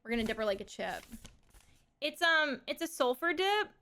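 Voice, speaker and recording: A woman's voice: high-pitched, sing-song, normal speed, bright, forceful tone, a little hiss or hum. A woman live streaming from home, talking in a rambling, casual way and swearing and laughing often.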